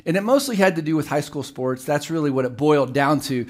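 A middle-aged male pastor delivers a sermon with a slightly high, lively voice. He tells the story vividly and acts out the voices of the people in it. His delivery keeps rising and falling. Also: fast talker.

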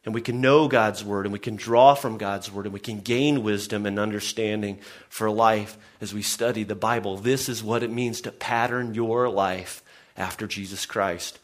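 A man's voice: on the low side, steady tone, normal speed. A man preaching a sermon to his congregation in an earnest way, often restarting and saying "I mean". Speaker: pastor.

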